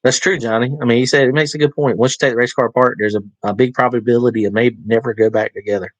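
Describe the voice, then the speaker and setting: A man's voice: medium pitch, fairly even intonation, quick pace, no echo, highs cut off. A man with a Southern US accent hosting a casual live stream, rambling through fillers and restarts while answering viewer comments. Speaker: livestream host. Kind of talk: casual livestream chat.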